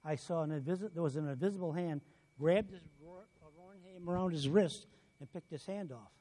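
A man preaching a sermon, telling stories and acting out quoted voices, swinging from loud bursts to quiet asides. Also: a little high, a little fast.

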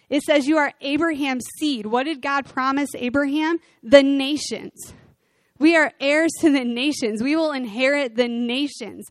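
Animated woman preaching in a dry close sound. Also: sits high, dry recording. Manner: conversational, animated storytelling. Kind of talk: sermon.

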